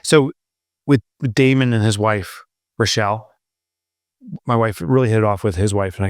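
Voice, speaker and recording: A middle-aged man from New Jersey co-hosting a podcast, chatting casually and telling animated stories. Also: lowish voice, fairly quick, clean tone, no room sound, studio quality. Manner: animated storyteller, mimics other people's voices. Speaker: podcast co-host. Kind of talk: casual chat.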